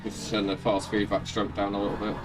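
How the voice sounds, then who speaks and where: A man casually live-streaming a sim race. He chats and rambles, greets viewers by name and thinks out loud about his car setup. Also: on the low side, little pitch movement, brisk. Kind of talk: casual live-stream chat while racing. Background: loud music.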